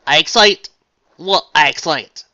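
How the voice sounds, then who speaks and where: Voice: medium pitch, slow, pushed and bright, no room sound, pitched above the performer's own voice. A reader voicing a stubborn, plainspoken country farm pony mare with a folksy drawl, on a dull lo-fi recording. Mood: indignant. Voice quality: folksy southern-style drawl.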